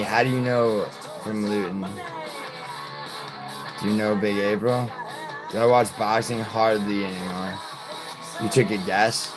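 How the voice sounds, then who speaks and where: A man's voice: on the low side, rough recording. A man from New York hosting a livestream, rambling and swearing as he answers chat aloud. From New York, United States. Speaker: livestream host. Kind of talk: casual livestream chat reading. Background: music playing.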